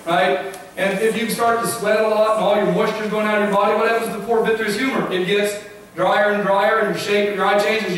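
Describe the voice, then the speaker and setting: High-voiced man teaching in an echoey hall. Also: fairly bright tone, recorded from a distance, slight background noise. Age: middle-aged. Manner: questions the audience often, with frequent "okay?" and "right?". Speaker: guest speaker. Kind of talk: lively teaching talk to a congregation. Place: church hall.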